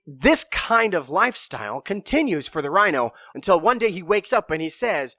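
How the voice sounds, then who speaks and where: A man hosting a motivational podcast, telling a parable in an animated way and acting out the characters. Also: high-pitched, moderate pace, few pauses, no echo, clean studio sound. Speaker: podcast host and speaker. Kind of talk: storytelling motivational talk.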